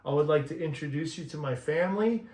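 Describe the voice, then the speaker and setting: A man's voice: a little high, expressive, fast, a little mellow, distant mic. Playful man hosting a family vlog. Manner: playful, teasing. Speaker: vlog host. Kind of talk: casual family vlog chat. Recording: echoey room, faint background noise.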